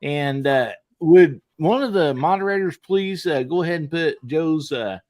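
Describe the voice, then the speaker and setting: Folksy host with a dry close voice. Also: male voice, a little high, lively intonation, a little slow, darkish tone, dry recording. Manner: folksy, effusive with praise. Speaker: podcast host. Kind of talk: casual live podcast chat.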